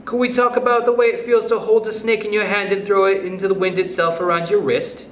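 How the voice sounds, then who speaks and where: A man's voice: sits high, little pitch movement, brisk, a bit bright, voice pushed up. A man voicing an eager, earnest young schoolboy in a storybook reading. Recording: roomy echo, faint noise.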